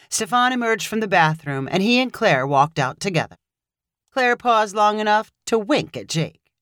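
A woman narrating a short story in a measured, expressive reading voice. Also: mid-range voice, dry recording, clean studio sound.

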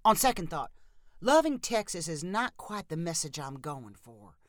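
A man's voice: fairly high pitch, sing-song, normal speed, fairly bright tone, dry recording, studio quality. A woman voicing an eager young man who loves Texas, chatty and enthusiastic in a storybook reading.

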